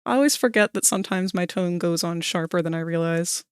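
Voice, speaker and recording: Soft-spoken woman streamer. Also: on the low side, a little fast, clear, resonant tone, no echo, studio quality. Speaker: livestreamer. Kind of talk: casual stream chat. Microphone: desk microphone.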